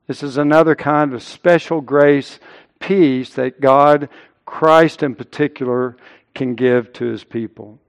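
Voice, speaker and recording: A man preaching a sermon as pastor, slow and deliberate, rising for emphasis on key phrases. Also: fairly high pitch, clean tone. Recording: long hall reverb.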